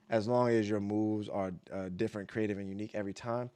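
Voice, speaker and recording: A man's voice: fairly low pitch, fairly even intonation, fast, warm tone, smooth. A man giving blunt, profane live-stream commentary, repeating points for emphasis and vocalizing beat patterns aloud. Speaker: streamer reacting to dance battles.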